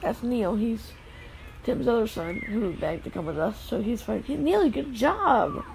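A woman filming her children playing outside in the snow, narrating casually and calling out gentle, firm warnings to the kids. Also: a little high, sing-song, unhurried, vocal fry, slight background noise, poor audio. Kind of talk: casual family vlog. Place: outdoors in the snow.

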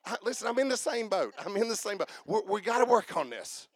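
A man preaching a sermon as pastor, joking with the congregation and building to shouted passages. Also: high-pitched, sing-song, fast, slightly rough, dry recording.

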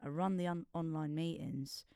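A woman's voice: low-pitched, fairly even intonation, moderate pace, dark tone, clear, resonant tone, no room sound, studio quality. A woman guest in a casual podcast conversation, speaking candidly and bluntly and swearing freely. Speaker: guest, musician and visual artist.

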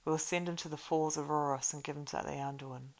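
A woman reading a story aloud and voicing a grave, weary man who leads the group, speaking in solemn, measured old-fashioned phrases. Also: sits low, steady tone. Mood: troubled.

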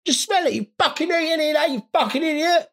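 A man's voice: expressive, brisk, exaggerated voice. A man voicing a furious talking bumhole that shrieks insults. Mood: screeching. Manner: shrill, abusive yelling.

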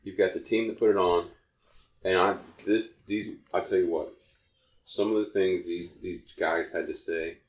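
A man with a notably low voice talks casually on a podcast, drifting through a story and backing up to restart his sentences as he goes. The room around him is echoey. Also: fairly even intonation, moderate pace. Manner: rambling, self-correcting storyteller. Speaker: podcast co-host.

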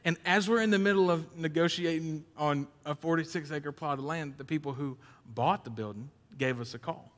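A man preaching a sermon, shifting between loud emphatic points and low conversational storytelling. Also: moderate pace, hardly any pauses. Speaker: pastor. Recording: long hall reverb.

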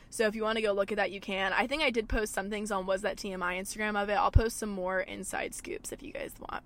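Young woman, podcast host, loose chatty delivery, heavy "like" filler, swears, mid pitch. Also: fairly bright tone. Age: young adult. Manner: chatty, fillers like "like", swears freely, acts out quotes. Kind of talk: casual chat.

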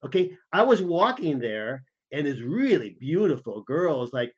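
A man's voice: a little high, animated, moderate pace, hardly any pauses, dull audio. A man co-hosting a podcast, telling anecdotes casually and animatedly, acting out the other people's voices. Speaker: podcast co-host. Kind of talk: casual storytelling chat.

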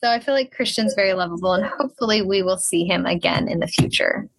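A woman's voice: medium pitch, fast, gravelly, husky, no room sound. A young woman co-hosting a podcast, chatting casually and animatedly about a reality show, laughing often and saying "like" a lot. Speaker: podcast co-host.

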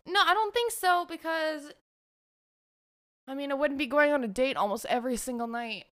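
A woman's voice: high-pitched, moderate pace, bright, forceful tone, no room sound. Young woman, vlogger, raised voice, dry close sound; blunt, sweary, giggly confessional storyteller. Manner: frank and profane, laughing often.

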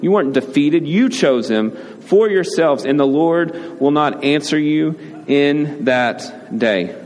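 A man's voice: a little high, lively intonation, slow pace, darkish tone. A man, a father, preaching a conversational sermon as pastor, often checking in with "right?" and acting out short quoted lines. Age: adult, father. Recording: reverberant hall with faint ambient noise.

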